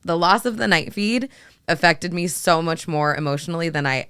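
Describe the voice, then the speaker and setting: A woman's voice: on the low side, animated, moderate pace, clean tone, no room sound, clean studio sound. A woman in her thirties, co-hosting a podcast, talking reflectively in casual chat with many "like"s. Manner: soft, filler-heavy, reflective. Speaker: podcast co-host.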